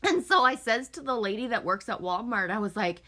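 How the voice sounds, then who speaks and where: A woman's voice: on the high side, lively intonation, brisk, bright, forceful tone. A middle-aged woman from Canada chatting casually with viewers, telling stories, swearing freely and laughing often. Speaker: livestream host.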